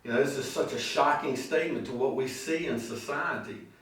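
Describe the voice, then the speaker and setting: Man, pastor, sermon, storytelling, slow emphatic phrases, very echoey hall, distant mic. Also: medium pitch, a bit bright. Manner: storytelling preacher, slow emphatic phrases, acts out quoted voices. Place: church sanctuary.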